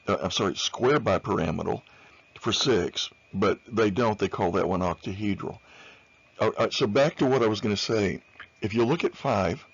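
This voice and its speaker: A man's voice: lowish voice, muffled recording. A man lecturing on chemistry over slides in an informal way, with many fillers, often repeating key points.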